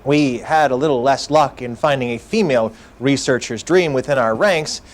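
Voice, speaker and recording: An actor playing a businesslike male military officer, giving a formal, measured briefing. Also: medium pitch, close to an everyday voice.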